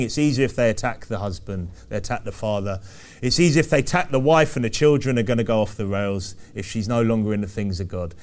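A man preaching a sermon, repeating phrases with emphasis and asking the congregation rhetorical questions. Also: medium pitch.

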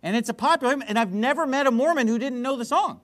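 A man preaching a sermon, telling stories emphatically and swinging between loud outbursts and quiet asides. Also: very high-pitched, fast talker.

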